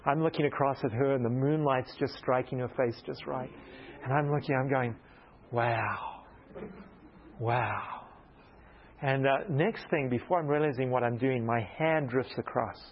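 A man preaching a storytelling sermon, animated and self-mocking, acting out the dialogue in his story. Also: mid-range voice, brisk, dull audio, slight background noise.

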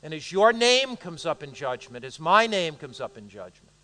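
High, bright-voiced American preacher in a big hall. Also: male voice, sing-song, moderate pace. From United States. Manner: call-and-response, joking with the audience. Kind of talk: sermon. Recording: long hall reverb.

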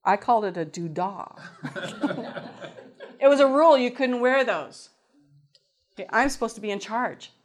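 Woman telling a lively faith testimony. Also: fairly high pitch, a little slow, long pauses. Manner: lively storyteller who acts out voices and laughs. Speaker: former GED lab teacher giving testimony. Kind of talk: spoken testimony to an audience.

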